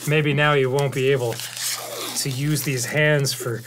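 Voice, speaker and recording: A man's voice: medium pitch, fairly even intonation, takes it slowly. A man co-hosting a casual party game, playful and self-mocking, laughing a lot. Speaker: co-host. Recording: noisy background.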